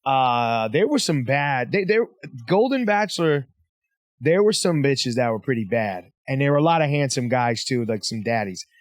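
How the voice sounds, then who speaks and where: A man hosting a podcast, chatting casually with animated, profane banter full of repeats. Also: mid-range voice, moderate pace, no echo. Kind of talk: casual chat.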